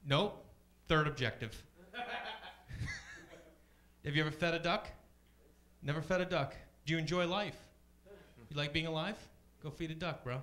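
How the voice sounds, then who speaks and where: Man, stand-up comedian, bright tone, a bit high, chatty and deadpan, club stage mic. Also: moderate pace, long pauses. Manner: deadpan, chatty, slips into high voices for others.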